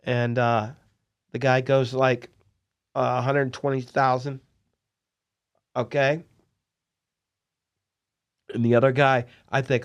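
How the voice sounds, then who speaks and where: A man hosting a podcast, telling poker-dealing stories in an excitable, animated way. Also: mid-range voice, a little slow, long pauses. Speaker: podcast host and poker dealer. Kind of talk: casual storytelling interview.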